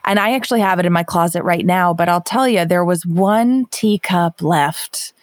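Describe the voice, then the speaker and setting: A woman's voice: on the low side, moderate pace, no room sound, studio quality. A woman co-hosting a podcast, chatting casually and telling a personal story with emphasis. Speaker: podcast co-host.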